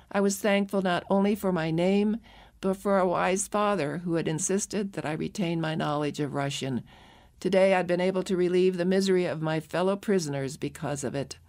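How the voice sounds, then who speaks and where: A woman narrating a memoir audiobook in a measured, earnest way. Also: fairly low pitch, a little mellow.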